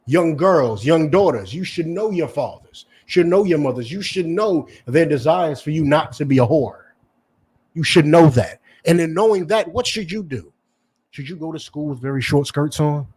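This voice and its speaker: A man preaches a confrontational sermon in a husky, slightly high voice. He lectures bluntly and swears freely, and he keeps asking his listeners whether they understand. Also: a little mellow. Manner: lecturing, profane, asks "You understand?" constantly. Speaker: preacher and teacher. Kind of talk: confrontational street-style sermon.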